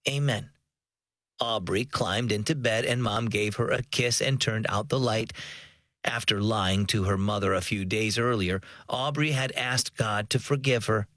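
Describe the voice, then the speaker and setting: A man hosting a children's devotional radio show, reading scripted lessons and stories in an upbeat, expressive way. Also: mid-range voice, no echo. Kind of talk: scripted devotional narration for kids.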